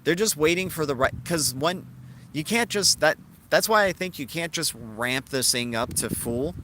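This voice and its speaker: A man's voice: fairly high pitch, lively intonation, moderate pace, sharp tone, slight background noise. A man hosting a casual live stream, talking through ideas and answering viewers in the chat. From Cuban heritage. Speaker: crypto livestream host.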